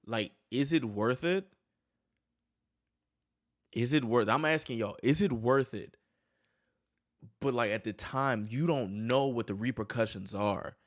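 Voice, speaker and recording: A man hosting a reaction video, asking viewers questions in a casual, incredulous way. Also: mid-range voice. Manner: slow, incredulous, talks to viewers.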